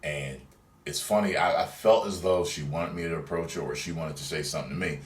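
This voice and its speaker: A man's voice: rumbling low, a little fast. A young man vlogging, telling a story in a laid-back, profane, chatty way. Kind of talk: casual storytelling. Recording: roomy sound, distant from mic.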